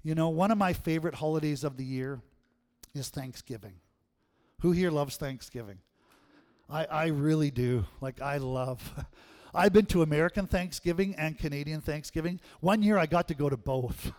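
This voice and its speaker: A man preaching a sermon, telling stories in an animated way and laughing often. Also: fairly high pitch, moderate pace.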